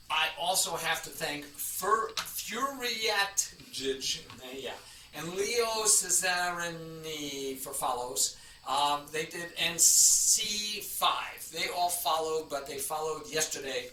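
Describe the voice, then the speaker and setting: Man streaming chess, very bright tone, rambling chat, echoey room, voice from a distance. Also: on the high side, slight background noise. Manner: chatty, rambling, greets chatters by name. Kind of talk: casual live-stream chat.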